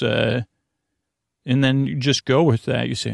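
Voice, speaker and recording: Rambling, gravelly-voiced sleep podcast host. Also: male voice, medium pitch, little pitch movement, moderate pace, pauses often, dry recording, studio quality. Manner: meandering, self-interrupting, soft-spoken. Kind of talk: rambling bedtime monologue.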